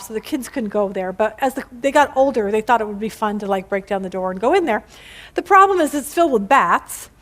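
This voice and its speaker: Chatty woman teaching a Bible study. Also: sits high. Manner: chatty and playful, acts out quotes in funny voices. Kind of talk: casual Bible teaching to a group.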